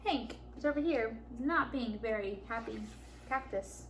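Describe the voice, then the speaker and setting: A woman reading a picture book aloud to children at a library storytime, warm and animated. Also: fairly high pitch, unhurried, slight background noise. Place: public library.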